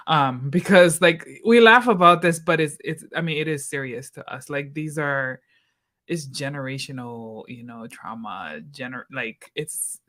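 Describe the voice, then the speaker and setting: Host, mid-pitched, casual moderator, filler-heavy questions. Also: measured pace, a bit bright. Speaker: podcast host. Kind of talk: panel moderation.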